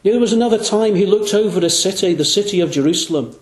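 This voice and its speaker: A man preaching an evangelistic sermon in a church, earnest, slowing down and dropping his voice low on the key phrases. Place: church room. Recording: echoey room.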